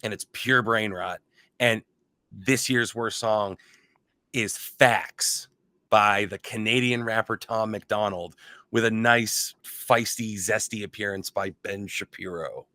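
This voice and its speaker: A man co-hosting a podcast in casual chat, animated and profane, slipping into mocking voices. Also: fairly low pitch, takes it slowly, no room sound, clean studio sound. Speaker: podcast co-host.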